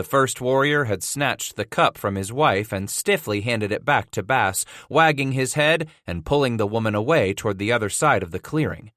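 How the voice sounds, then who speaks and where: A man narrating a western audiobook in a steady, measured storytelling voice. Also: mid-range voice, no echo, studio quality. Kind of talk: scripted narration.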